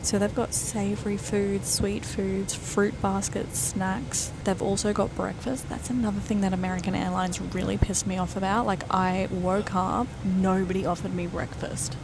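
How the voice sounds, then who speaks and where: Young female travel vlogger, fed-up ranting delivery, recorded on a camera in a plane cabin with loud engine noise. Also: medium pitch, little pitch movement, moderate pace, creaky, hardly any pauses, music in the background, rough recording. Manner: indignant, ranting. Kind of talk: casual vlog talk to camera. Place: business class airplane cabin. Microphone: handheld camera.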